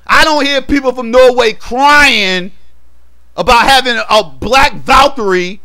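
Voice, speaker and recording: A man giving a heated, profane rant in a movie review vlog, repeating himself emphatically and building to shouts. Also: very high-pitched, unhurried.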